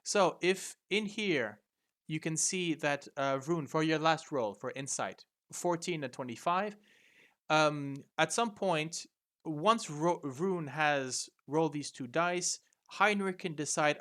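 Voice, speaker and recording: A man's voice: on the high side, takes it slowly, a bit bright. A man running a tabletop game over a video call, explaining the rules in a hesitant way, with many fillers and restarts. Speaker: game master.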